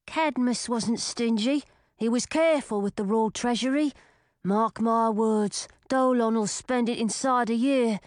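A woman's voice: fairly high pitch, a little slow, darkish tone, dry recording, studio quality, natural voice. A woman voicing a grown man who speaks firmly and measuredly in an audiobook. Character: loyal grown man defending old king.

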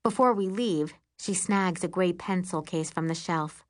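A woman narrating a first-person audiobook in a lively, expressive storytelling manner. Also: on the low side, a little slow.

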